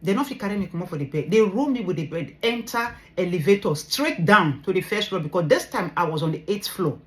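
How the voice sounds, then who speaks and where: A Nigerian woman vlogger tells her medical story, her voice on the low side, animated and brisk. She recounts the personal experience earnestly and with emotion, mixing English with pidgin.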